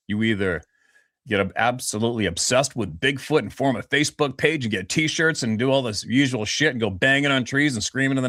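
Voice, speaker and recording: A man's voice: lowish voice, no room sound, clean studio sound. A man in his fifties from Vancouver Island, telling stories bluntly and profanely as an interview guest over a remote call. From Vancouver Island, Canada. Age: 50s. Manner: blunt, profane, animated storyteller. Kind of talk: casual storytelling interview.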